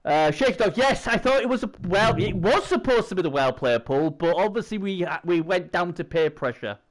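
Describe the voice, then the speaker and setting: A middle-aged man hosts a stream in a rambling, chatty way. His voice sits a touch high and swings widely as he trades banter with his guests. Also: animated, moderate pace. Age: 40s. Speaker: stream host. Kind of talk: casual chat.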